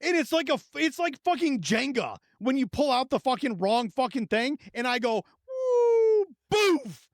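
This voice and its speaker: Man, thirties, high voice, gravelly, profane animated storyteller, dry close sound. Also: normal speed, hardly any pauses, no echo. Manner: profane, animated storyteller acting out his own reactions. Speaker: podcast co-host. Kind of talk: casual storytelling chat.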